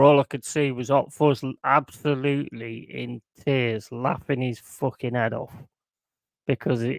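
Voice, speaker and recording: Rambling, sweary bloke. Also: male voice, fairly high pitch, a bit bright, dry recording. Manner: rambling, sweary, chuckles often. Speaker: football watchalong streamer. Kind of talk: casual chat to live chat.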